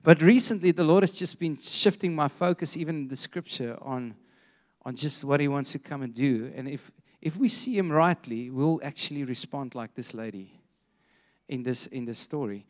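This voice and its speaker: A man preaching a sermon to a church congregation, retelling a story with animated energy and frequent restarts. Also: medium pitch, moderate pace.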